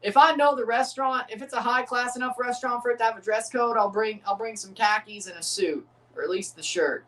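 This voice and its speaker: This watchalong streamer talks fairly quickly with hardly any pauses, his fairly high voice bright and forceful. Reacting live to a match, he's chatty, answers chat viewers, and keeps repeating phrases and circling back to points. He sits a little back, on a distant mic.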